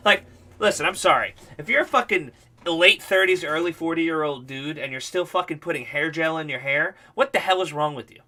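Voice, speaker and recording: A man's voice: fairly high pitch, a little fast, sharp tone. A male livestream host telling a rambling, profane story in casual chat.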